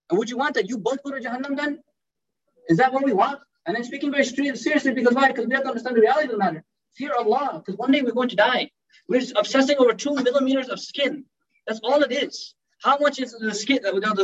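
A man's voice: extremely high pitch, lo-fi sound. A man giving a sermon as a Muslim preacher, speaking conversationally and addressing the audience as brother.

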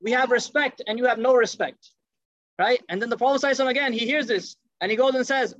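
A man telling a story in a lively sermon, acting out the quoted speech and mixing in Arabic phrases. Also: very high-pitched, very fast, no room sound. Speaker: preacher. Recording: dull, dry lo-fi sound.

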